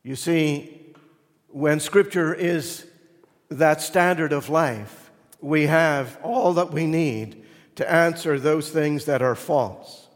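Pastor guy preaching slow, goes loud then real quiet, big church echo. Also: on the high side. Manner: swings from loud emphatic preaching to hushed near-whispers. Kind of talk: sermon. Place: church sanctuary. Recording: long reverb of a church hall.

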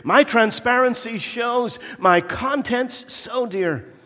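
Man doing a fragile fancy crystal glass, high voice, slow, echo. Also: pushed and bright, heavily acted. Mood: prim. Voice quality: prim, self-admiring. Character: proud fragile crystal goblet. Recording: echoey church hall.

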